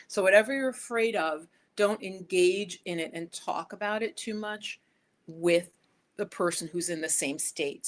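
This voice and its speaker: Woman, life coach, chatty motivational vlog, low-pitched, talks straight to viewers. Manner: chatty, animated, addresses viewers directly. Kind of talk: casual motivational talk to camera.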